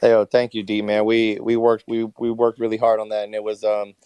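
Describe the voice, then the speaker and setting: Tired guy, smooth voice, flat delivery, laid-back and rambling, dry close sound. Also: on the low side, fairly quick, no echo. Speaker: Twitter Spaces speaker. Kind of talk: casual chat.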